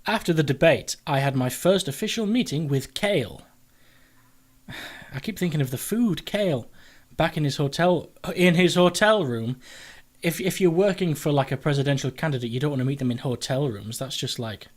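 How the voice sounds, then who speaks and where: A man casually playing and commenting on a game, joking and swearing freely. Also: medium pitch. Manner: crude, joking, swears a lot. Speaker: let's play host.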